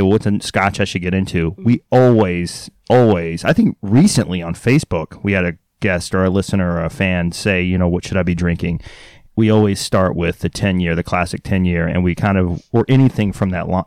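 A man with a very low voice co-hosts a casual podcast chat. He rambles and jokes with easy excitement. The sound is close and dry. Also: fairly quick, no room sound. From Texas. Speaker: podcast co-host.

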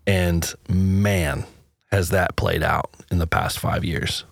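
A man's voice: low voice, slow, creaky, dry recording, clean studio sound. A married man co-hosting a faith podcast, reading a book passage aloud in an earnest, conversational way. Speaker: podcast co-host. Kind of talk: casual faith discussion, reading quotes aloud.

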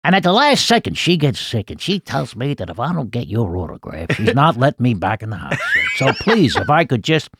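A man's voice: mid-range voice, big pitch swings, a little fast, hardly any pauses, very noisy. A man doing an impression of a rumpled, apologetic TV detective, all hesitant, fawning apologies. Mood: pleading.

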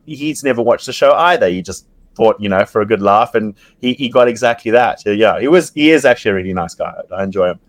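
A man guesting on a casual chat, telling stories in an animated way, laughing often and stumbling over restarts. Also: fairly low pitch, fast, hardly any pauses, no echo. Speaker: podcast guest, reality TV yacht crew member.

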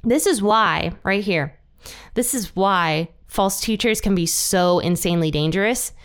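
A young woman hosting a podcast, teaching a Bible passage in a chatty, animated way. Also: mid-range voice, a little slow, clear, resonant tone. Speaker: podcast host. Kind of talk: casual Bible study teaching.

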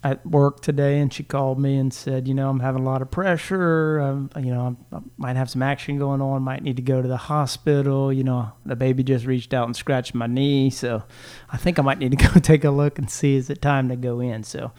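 A man's voice: medium pitch, fairly even intonation, a little fast, hardly any pauses, a little mellow, smooth. A man in his thirties co-hosting a podcast, talking in a laid-back, rambling way and laughing often. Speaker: podcast co-host. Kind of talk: casual chat.

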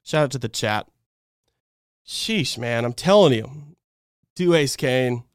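A man's voice: medium pitch, expressive, takes it slowly, clean tone, no echo, studio quality. A man hosting a live fan stream, breaking down a game in a heated, exasperated rant. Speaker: fan channel host.

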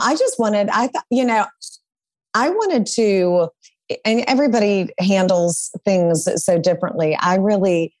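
A woman's voice: lowish voice, a little mellow, dry recording. A woman appearing as a divorce attorney guest on a podcast, talking in a reflective, candid way. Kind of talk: conversational interview.

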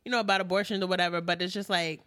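A woman's voice: on the low side, steady tone, very fast, sharp tone, no echo. A woman in casual chat, recapping a TV episode and acting out what the characters said, with lots of fillers. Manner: chatty, acts out quotes with lots of fillers. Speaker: co-host recapping a TV show.

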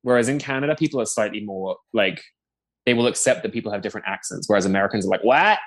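A man's voice: fairly low pitch, racing. A man with a posh London accent, a podcast guest chatting casually and gossiping with many fillers. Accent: posh London English. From England. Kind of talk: casual chat.

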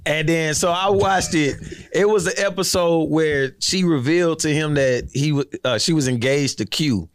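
Male podcast co-host, fairly high voice, teasing and anecdotal. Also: moderate pace, clean tone. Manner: laughing, ribbing, rambling anecdotes. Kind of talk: casual chat, storytelling.

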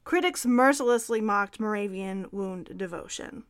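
A woman's voice: medium pitch, moderate pace, clean tone. A woman co-hosting a history podcast, reading scripted narration with dry, amused asides. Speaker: podcast co-host.

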